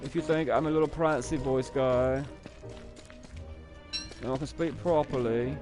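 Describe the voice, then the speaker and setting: A man's voice: medium pitch, steady tone, measured pace, music in the background, close to an everyday voice. A man putting on a prim over-proper gent. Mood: mocking. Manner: mincing, mock-polite questions.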